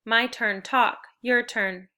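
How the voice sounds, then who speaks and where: A woman teacher leading a spelling lesson for young children, upbeat and encouraging as she gives clear step-by-step directions. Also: on the high side, fairly even intonation, takes it slowly, noisy background.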